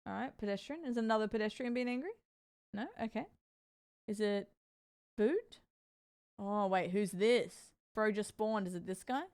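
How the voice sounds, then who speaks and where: A woman's voice: mid-range voice, normal speed, long pauses, darkish tone, clear, resonant tone. A woman streamer chatting casually with her viewers and reacting to videos with frequent laughter and amused exclamations. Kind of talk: casual live-stream chat, reacting to clips.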